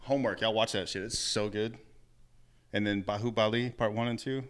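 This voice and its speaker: A man co-hosting a podcast in a loud, rambling, laughing casual chat. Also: fairly low pitch, steady tone, moderate pace. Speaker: podcast co-host.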